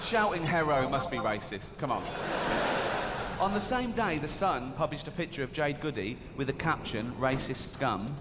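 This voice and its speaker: A man's voice: medium pitch, lively intonation, normal speed, long reverb tail, very noisy. A man performing a stand-up comedy routine, telling a story and acting out the voices of the people in it.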